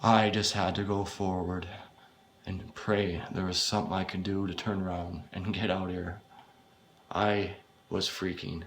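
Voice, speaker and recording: A man reading his own first-person horror story aloud, in a halting, unpolished way with frequent swearing. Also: sits low, little pitch movement, a bit bright, slight background noise.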